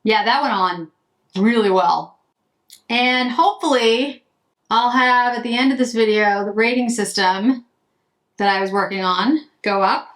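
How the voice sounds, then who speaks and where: Doing her makeup on camera, a woman beauty vlogger talks in a slightly high, bright voice at an unhurried pace. Her chat rambles and she keeps interrupting herself mid-sentence.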